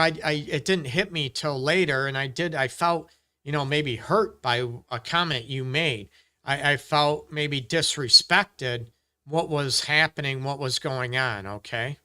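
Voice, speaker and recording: A man's voice: a little high, sharp tone. A middle-aged man, a relationship counselor, giving earnest, casual advice on a live question-and-answer stream and acting out quoted exchanges between partners. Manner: earnest, repetitive, acts out quoted dialogue.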